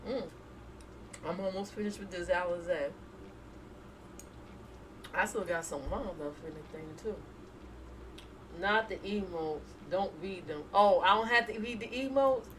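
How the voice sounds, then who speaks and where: A woman's voice: medium pitch, unhurried, pauses often, far from the mic, noisy background. A woman hosting a casual live stream, chatting and laughing as she reads viewer emotes aloud. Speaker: reaction streamer.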